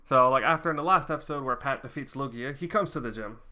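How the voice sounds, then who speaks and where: Bright-voiced young man rambling a recap. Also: medium pitch, quick pace. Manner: rambling, frequent restarts and fillers. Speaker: reaction video host. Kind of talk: casual recap commentary.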